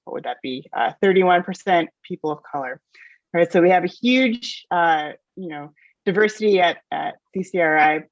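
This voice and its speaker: A woman's voice: fairly low pitch, expressive, moderate pace, no room sound. A woman presenting at a staff workshop, speaking hesitantly with many fillers and restarts. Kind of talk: workshop talk. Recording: dull, lo-fi sound.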